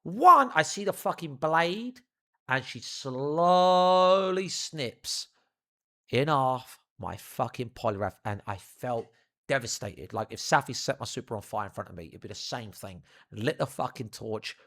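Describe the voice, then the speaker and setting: A young man telling a funny childhood anecdote in an animated, profane, theatrical way. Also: medium pitch, a little slow. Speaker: storyteller. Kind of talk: comedic anecdote.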